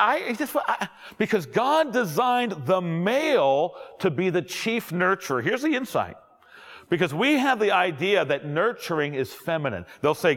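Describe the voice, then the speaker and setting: A middle-aged man, a pastor, preaching a sermon with jokes and quick asides to his audience. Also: high voice, fairly bright tone, in a large hall. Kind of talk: sermon to young adults.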